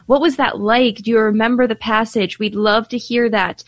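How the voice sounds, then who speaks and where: A woman from Ireland co-hosting a Catholic radio talk show, chatty and quick, laughing easily. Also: a little high, steady tone, no echo. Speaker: radio co-host.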